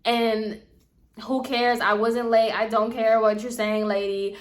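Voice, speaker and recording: Animated young woman telling a story. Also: on the high side, measured pace. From Puerto Rican heritage. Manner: animated, slangy, acts out quoted voices. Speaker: vlogger. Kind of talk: casual storytime.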